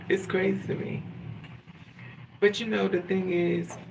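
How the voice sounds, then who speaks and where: A man with a slightly high, gravelly voice rambles through a casual vlog monologue, swearing freely and acting out the people in his stories. He sounds set back from the microphone, with loud noise behind him. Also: a little slow. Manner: rambling, profane, animated storytelling. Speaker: vlogger. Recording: distant mic with loud background noise.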